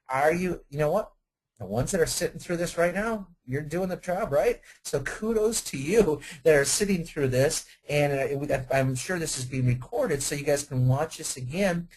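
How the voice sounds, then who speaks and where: Guy running a sales training webinar, kinda high voice, chatty, lots of rhetorical questions. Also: low-quality recording. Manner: energetic, conversational, asks many rhetorical questions. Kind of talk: webinar presentation.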